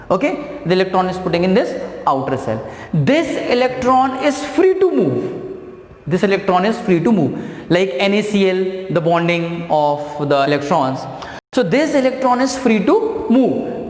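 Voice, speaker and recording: A man teaching a science lesson, explaining slowly and repeating key phrases. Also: sits high. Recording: echoey room with long reverb.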